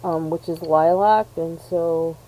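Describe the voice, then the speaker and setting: A woman's voice: low voice, steady tone, slow, mellow, low-quality recording. An American woman from New York State, chatting casually while unboxing art supplies, full of ums and self-deprecating asides. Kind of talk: rambling casual chat.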